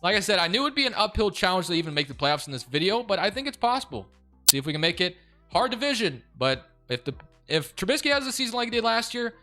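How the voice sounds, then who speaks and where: A young man giving casual commentary over a football video game, excitable and quick to rant in frustration. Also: sits high. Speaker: gaming YouTuber.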